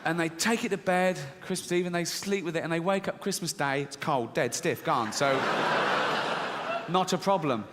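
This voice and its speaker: A man's voice: fairly high pitch, moderate pace, slight background noise. A man performing a profane stand-up comedy set, acting out characters as he tells his jokes. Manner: animated, profane, acts out characters. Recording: reverberant hall with faint ambience.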